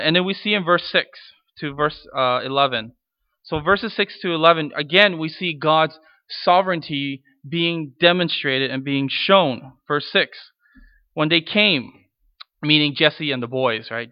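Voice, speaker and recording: A man's voice: a little high, highs cut off. A man preaching a sermon in a conversational way, retelling scripture scenes in casual voices. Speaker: pastor.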